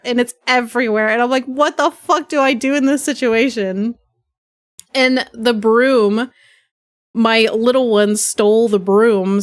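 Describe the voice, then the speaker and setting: A young woman livestreaming, telling a chaotic story in a rambling, profane, animated way, with a stuffy nose from sneezing. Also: fairly high pitch. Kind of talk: casual chat.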